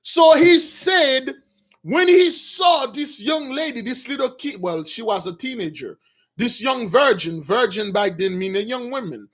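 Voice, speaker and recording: A man's voice: extremely high pitch, lively intonation, measured pace, a bit bright. A man delivering a sermon, reading a passage aloud and then retelling it in his own words, calling his listeners brothers. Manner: addresses listeners as brothers, restarts, repeats, informal asides. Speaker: preacher. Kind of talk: sermon reading a text with commentary.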